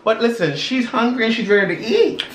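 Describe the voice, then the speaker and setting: A man's voice: extremely high pitch, animated, brisk, roomy sound, slight background noise. A man co-hosting a mukbang vlog in a sassy, casual chat, calling everyone girl and honey. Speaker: mukbang co-host.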